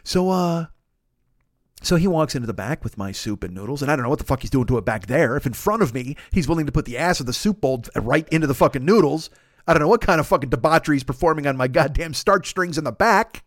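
A man spins a rambling, foul-mouthed comic story and slips into the voices of everyone in it. His voice sits high and swings widely in pitch. The recording is dry and close, with no room sound. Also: fast talker, no room sound. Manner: animated, swearing, acts out both sides of the dialogue. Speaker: podcast host.

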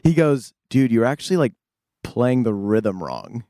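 A man's voice: mid-range voice, measured pace, no room sound. A young man from the United States who plays in a rock band, telling a studio story in an interview, acting out quotes and humming riffs. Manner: animated storyteller, acts out quotes and hums riffs. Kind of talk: casual interview anecdote.

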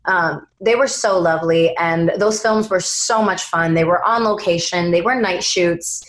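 Young actress telling lively anecdotes. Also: female voice, fairly low pitch, measured pace. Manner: lively, dramatic anecdotes with voiced quotes. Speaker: actress guest. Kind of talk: animated storytelling in interview.

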